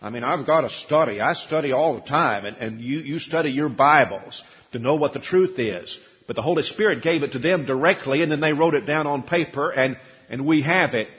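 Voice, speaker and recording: A man's voice: a little high, brisk. Emphatic man preaching in a reverberant hall. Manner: animated, rising to emphatic peaks, asks the congregation questions. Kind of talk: sermon. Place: church sanctuary.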